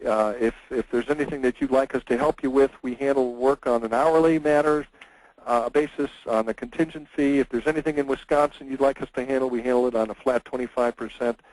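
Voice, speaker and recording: A male lawyer leads a webinar lecture in a conversational way, often pausing on fillers. His voice sits at an ordinary pitch and sounds dry and close, with no room echo. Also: fairly even intonation, darkish tone.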